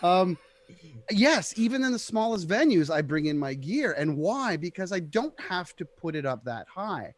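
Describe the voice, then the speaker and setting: A man's voice: sits high, sing-song, normal speed. A man, a guitarist, talking casually and with animation on a remote livestream chat, laughing often. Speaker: guitarist guest.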